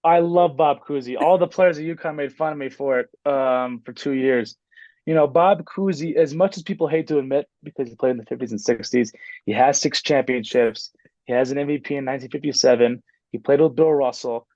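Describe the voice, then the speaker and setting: A man's voice: medium pitch, a little fast, a little mellow, no echo. Young guy coach rambling on a podcast, lots of ums, dry lo-fi sound. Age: 20s. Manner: rambling, lots of fillers and restarts. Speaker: podcast guest, assistant basketball coach. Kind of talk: casual interview chat.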